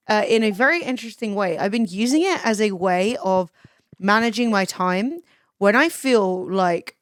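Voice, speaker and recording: A woman's voice: medium pitch, clear, resonant tone, no room sound. A young woman streaming a farming game, talking casually with chat, swearing freely and reading comments aloud.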